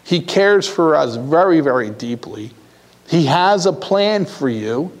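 A man preaching a sermon as pastor, earnest and repetitive, with pauses and restarts. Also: on the high side, lively intonation. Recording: hall reverb.

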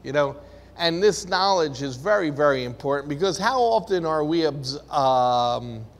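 A man's voice: on the high side, expressive, moderate pace, long reverb tail. A man preaching a sermon to a room of listeners, earnest and full of rhetorical questions.

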